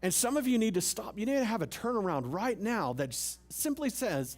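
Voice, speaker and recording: Man, pastor, church sermon, slightly high voice, chatty, joking, rhetorical questions. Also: big pitch swings, fairly quick, hardly any pauses. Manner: conversational, humorous preaching with rhetorical questions. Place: church service.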